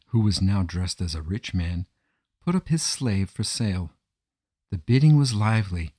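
A man narrating a traditional folk tale in a measured, gentle way. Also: lowish voice. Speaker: storyteller. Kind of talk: storybook narration.

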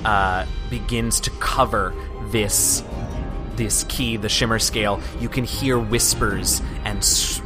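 A man narrating as game master of a tabletop game, describing scenes with some hesitant restarts. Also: fairly low pitch.

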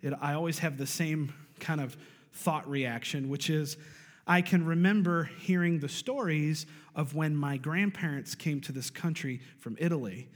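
A man's voice: a little high, moderate pace. A man pastor preaching a sermon, building emphasis and calling out to his congregation. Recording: long reverb of a large hall.

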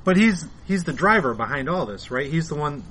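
A man's voice: on the high side, animated, fairly quick, a bit bright, a little hiss or hum. A man co-hosting a casual comic-book podcast, cutting in with dry wisecracks. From Irish heritage in the US. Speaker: podcast co-host.

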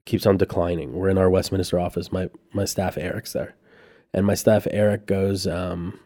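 A man's voice: deep voice, level tone, moderate pace, mellow, dry recording, studio quality. A man, a company founder and podcast guest, telling rambling, profane anecdotes in casual chat.

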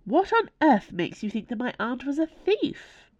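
A woman's voice: high-pitched, big pitch swings, a little slow, a little mellow, dull audio, pitched above the performer's own voice, exaggerated voice. A woman voicing a polite young heroine. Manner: polite and gracious.

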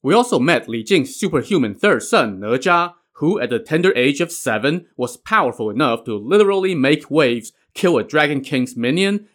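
A man's voice: medium pitch, fairly bright tone. A man narrating a myth as a casual storyteller, with wry, conversational asides. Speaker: podcast narrator.

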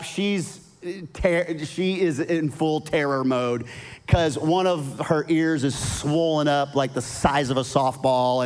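A middle-aged male pastor preaching a sermon, telling a family story with animated swings and soft, quiet asides. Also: a little high. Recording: long reverb of a large hall.

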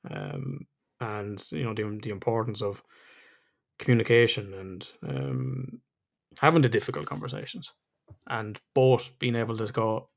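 A man's voice: lowish voice, sing-song, a little slow, creaky. A middle-aged man, hosting a podcast in casual chat, candid and reflective, swearing freely. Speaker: podcast host.

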